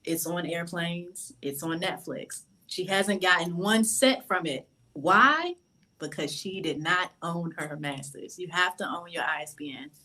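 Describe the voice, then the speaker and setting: A woman with a low voice speaks as a publishing consultant, laying out steps firmly and hitting key points hard. She talks in an instructive, punchy way over a video call. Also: unhurried, sharp tone, low-quality recording. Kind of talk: giving advice on a panel.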